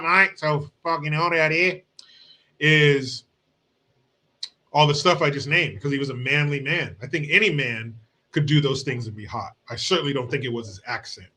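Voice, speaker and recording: A man's voice: fairly high pitch, sharp tone. A man from the United States hosting a podcast, giving crude, mocking commentary and laughing often. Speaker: host.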